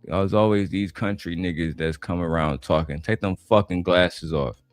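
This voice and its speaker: A man's voice: deep voice, normal speed, no room sound, soft background music. A man from Detroit doing blunt, profane, slang-heavy reaction commentary. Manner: blunt, trash-talking, slangy. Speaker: commentator reacting to a panel clip.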